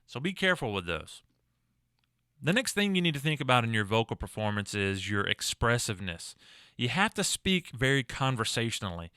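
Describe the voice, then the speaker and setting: A man's voice: medium pitch, big pitch swings, brisk, pushed and bright, clear, resonant tone, dry recording, clean studio sound. A man with a Southern US accent giving a recorded college lecture on voice. He talks conversationally, asks the listener rhetorical questions and demonstrates mispronunciations himself. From American South. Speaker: college instructor.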